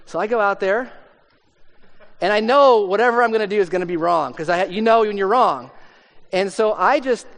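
A man's voice: high voice, brisk, a bit bright. A man, a pastor, telling a self-deprecating story in a conversational sermon, with plenty of fillers. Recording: long hall reverb.

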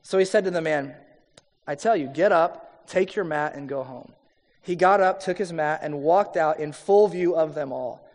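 A male pastor giving a conversational, emphatic sermon that swings from bursts of emphasis to quiet asides. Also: a little high, moderate pace, in a large hall. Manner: conversational, emphatic preaching with sudden drops to quiet.

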